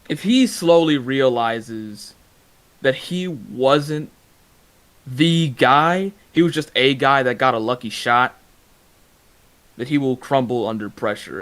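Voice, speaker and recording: A man's voice: medium pitch, expressive, slow, fairly bright tone. A man giving a boastful, confident trash-talk promo at a wrestling league press conference, growing heated and defensive when challenged.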